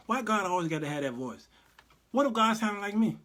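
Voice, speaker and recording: A man hosting his own livestream commentary, lively and sermon-like in his delivery. His voice sits fairly high for a man. His talk is folksy and direct. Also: fairly quick. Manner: animated, preachy, folksy. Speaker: host and Bible teacher.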